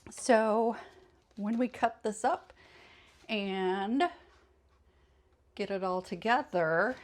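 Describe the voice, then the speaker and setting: A female craft channel host leads a casual tutorial late in the evening, chatty and meandering, frequently correcting herself mid-sentence. She sounds tired and yawns, speaking very slowly at a medium pitch.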